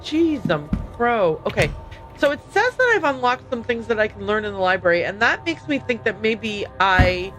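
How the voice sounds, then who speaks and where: A woman's voice: mid-range voice, sing-song, normal speed, a bit bright, soft background music. A woman streaming a mystery game, chatting casually, laughing often and reacting aloud as she reads on-screen text. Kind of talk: casual let's-play commentary.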